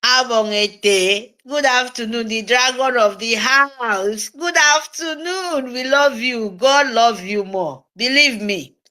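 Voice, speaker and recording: A woman's voice: a little high, slow pace, few pauses, sharp tone. A woman with a Nigerian English accent mixed with Pidgin, giving a fervent, scolding political monologue and repeating phrases for emphasis.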